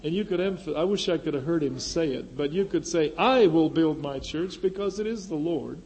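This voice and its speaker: A man's voice: a little high, brisk, creaky, mellow, rough recording. An older man, a former pastor, teaching a class in a classroom, earnest and emphatic, often repeating a key phrase with fresh stress. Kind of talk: classroom lecture. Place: classroom with a board.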